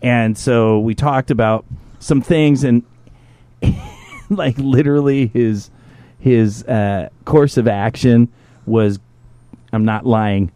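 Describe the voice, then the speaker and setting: Male podcast host, casual storyteller, swears a lot, mid-pitched, dry close sound. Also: takes it slowly, long pauses, smooth, no room sound. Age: adult, a parent. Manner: profane, animated, jumps into impressions of others.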